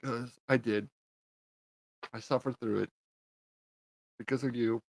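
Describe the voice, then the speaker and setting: A man's voice: medium pitch, fairly even intonation, slow pace, gravelly, rough recording. A man ranting sarcastically and profanely in a casual review, a little tipsy. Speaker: TV show reviewer.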